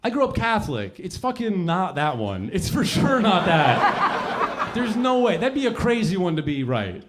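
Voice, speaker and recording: A man's voice: high-pitched, wildly swooping pitch, normal speed, heavy background noise. A young man doing a profane, rambling stand-up set on a comedy club stage, self-mocking, into a handheld mic, with live audience laughter.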